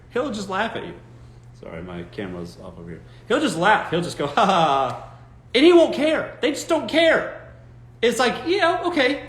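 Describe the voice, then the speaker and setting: Giving dating advice on a live stream, this man speaks in a slightly high voice, blunt and emphatic, cursing freely and mimicking quoted voices mockingly. The audio is reverberant.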